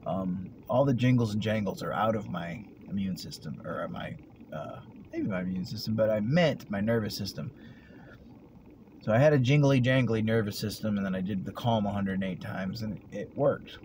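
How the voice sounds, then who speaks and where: Low-voiced man rambling over background noise. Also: normal speed. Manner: meandering, reflective, trailing off into soft murmurs. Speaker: vlogger. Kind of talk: rambling personal vlog. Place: at work, vehicle sounds around.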